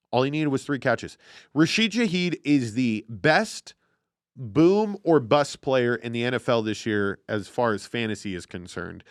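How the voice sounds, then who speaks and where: A man hosting a casual football podcast, talking in an excitable, profane, animated way. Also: medium pitch, no room sound, studio quality. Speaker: podcast host. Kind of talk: casual sports chat.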